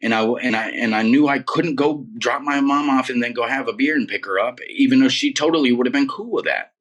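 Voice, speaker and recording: A man's voice: mid-range voice, a little fast, a bit bright. A man in his forties telling his story as an interview guest in a casual, emphatic way, dropping "man" and "dude" often. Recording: voice a bit far from the mic.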